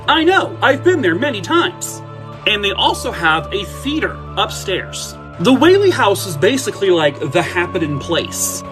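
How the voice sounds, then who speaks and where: A man telling haunted house stories in a casual way, cracking irreverent, swearing jokes and asking the audience questions. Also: sits high. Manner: jokey, irreverent asides with swearing. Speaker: haunted-place storyteller. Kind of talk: casual storytelling to viewers.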